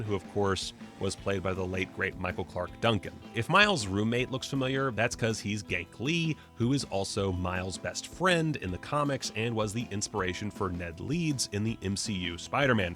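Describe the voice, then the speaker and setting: A man's voice: on the low side, moderate pace, few pauses, fairly bright tone. Chatty, joking man over faint music. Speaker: film video host. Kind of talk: casual pop-culture video commentary.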